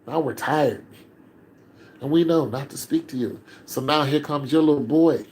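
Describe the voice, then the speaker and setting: An older man speaking in a heated, emotional monologue, climbing close to shouting as he grows upset and sinking low and weary when he gives up. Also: normal speed, a little hiss or hum, low-quality recording. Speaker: commentator.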